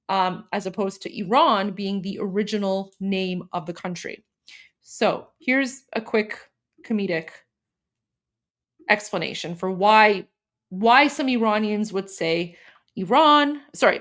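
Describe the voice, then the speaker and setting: A woman hosting a livestream, talking quickly and casually as she introduces a clip. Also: medium pitch, a bit bright. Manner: quick, with frequent restarts and fillers. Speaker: livestream host.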